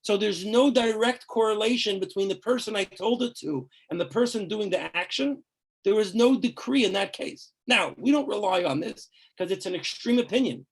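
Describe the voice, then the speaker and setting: A man's voice: high-pitched, moderate pace, slightly rough. A man, a rabbi, teaching a class on religious law in a conversational, emphatic way, full of asides and rhetorical questions.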